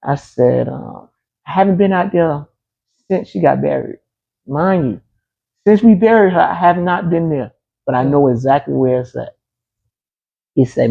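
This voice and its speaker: A man's voice: a little high, normal speed, vocal fry, pauses often, phone-quality sound. A man being interviewed, telling a personal story in a casual, emphatic way, often repeating key phrases. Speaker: interview guest.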